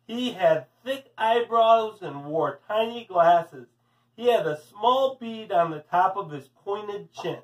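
A man's voice: sits high, recorded from a distance, low-quality recording. A man, a teacher, reading a storybook aloud to children in a friendly way. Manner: friendly, addressing kids.

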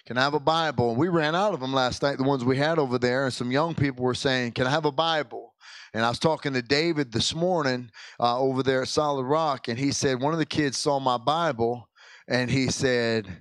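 In the sanctuary, a male pastor with a mid-range voice makes casual church announcements a little fast, with no echo. He's folksy and chatty, often breaking off mid-sentence.

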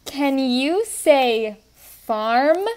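Her voice high-pitched and expressive, a young woman speaks extremely slowly as she teaches toddlers at story time. She spells simple words letter by letter in a sing-song way and coaxes the kids to say them too.

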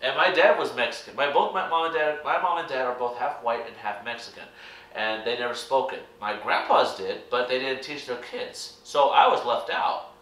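A man's voice: medium pitch, normal speed, a bit bright. A young American man giving a rambling, earnest opinion vlog to his channel's viewers. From United States. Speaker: YouTube reaction vlogger. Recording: echoey room, distant mic.

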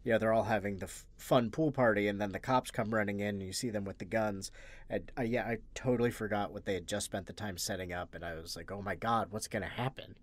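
A man co-hosting a podcast, chatting casually about a film in a rambling, halting way with many restarts. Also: fairly low pitch. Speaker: podcast co-host.

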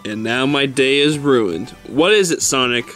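A man's voice: mid-range voice, measured pace, fairly bright tone, faint music behind, natural voice. A man voicing Mario as a short-tempered plumber who rants and swears when angry. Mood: annoyed. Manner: exasperated, swearing, ranting. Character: Mario, short-tempered adult male plumber, easily enraged. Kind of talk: toy stop-motion fan skit voice.

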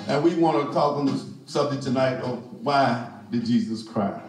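A man's voice: medium pitch, fairly even intonation, unhurried, music in the background. A man preaching a sermon, building his point through emphatic repeated refrains. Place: church sanctuary. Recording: echoey church from far off.

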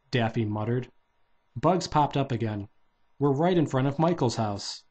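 A man's voice: medium pitch, unhurried, darkish tone, slightly rough. A man casually reading a children's novelization aloud, barely changing his voice for the characters.

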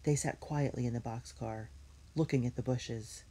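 A woman reading a children's storybook aloud in a steady, clear storytelling manner. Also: a bass voice, normal speed. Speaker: reader.

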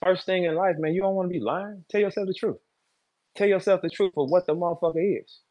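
A man, a battle rapper, giving a heated, profane rant on a live audio chat. He repeats short lines and swings between loud bursts and low, menacing tones. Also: fairly even intonation, fast, dull audio. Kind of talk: heated Twitter Spaces rant.

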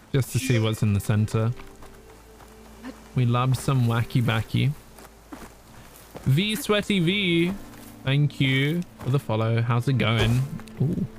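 A man talks slowly and casually over his gameplay, with a gravelly, fry-heavy voice. He swears freely and reads out his chat as he plays. Soft music runs underneath. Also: mid-range voice. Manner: chatty, swearing, laughing, reading chat aloud. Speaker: streamer.

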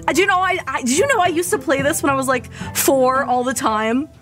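A woman's voice: high voice, brisk, few pauses, fairly bright tone, faint music behind. A young woman casually chatting and muttering to herself as she plays a video game on a live stream, often repeating words under her breath and giggling. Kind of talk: casual live gameplay chat.

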